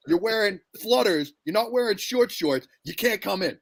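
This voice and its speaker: Young man, podcast co-host, swears a lot, rambling story, slightly high voice. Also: animated, fairly quick, creaky, breathy edge. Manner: profane, rambling anecdote telling. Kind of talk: casual storytelling chat.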